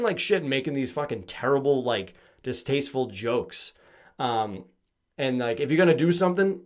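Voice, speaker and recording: A young man from Massachusetts, hosting a podcast in a casual comedic monologue, swearing freely and acting out quoted lines. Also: medium pitch. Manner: profane, animated storytelling with mock-quoted voices. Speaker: podcast host.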